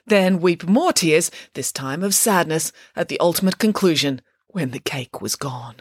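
A woman narrating a children's audiobook in a lively, expressive way. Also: low-pitched, moderate pace, few pauses, no echo, clean studio sound.

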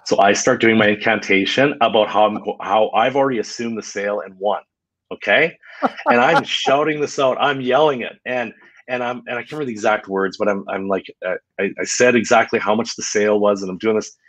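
A man guest telling motivational stories in a lively, casual interview. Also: on the low side, quick pace, no room sound, rough recording. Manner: energetic, motivational, tells stories.

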